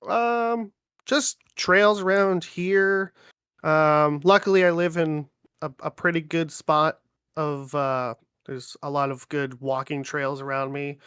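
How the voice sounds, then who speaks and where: A man, a livestream guest chatting in a relaxed, rambling way with many fillers. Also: a little high, slow, smooth, no room sound, clean studio sound. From Ontario, Canada. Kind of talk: casual chat on a livestream.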